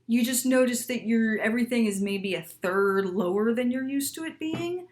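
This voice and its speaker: Her voice runs a little high as this woman in her thirties leads a casual video lesson for singers. She keeps things emphatic and lively, regularly checking in with "right?".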